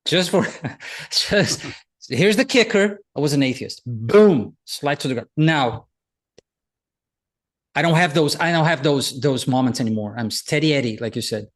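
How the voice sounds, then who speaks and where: A man hosting a founders' faith discussion, telling his own stories in an animated way and laughing along. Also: on the high side, a little slow. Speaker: host leading a founders' faith talk. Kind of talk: animated storytelling.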